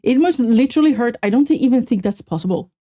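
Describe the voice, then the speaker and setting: Bubbly woman streamer, mellow voice. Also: a little high, fast talker. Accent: Swedish. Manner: animated, exclamatory, self-mocking. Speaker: VTuber streamer. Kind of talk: casual reaction stream chat.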